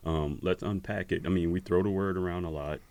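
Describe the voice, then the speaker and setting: A man's voice: low-pitched, steady tone, brisk, a little mellow, clear, resonant tone. A man hosting a podcast, talking in a reflective casual way with many fillers. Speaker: podcast host. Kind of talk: casual chat.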